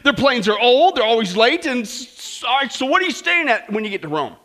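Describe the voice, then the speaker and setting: A man's voice: very high-pitched, very animated, a little fast, bright, forceful tone, voice pushed up, heavily acted. A man voicing a sarcastic, complaining woman hairdresser who runs everything down in a scornful rant.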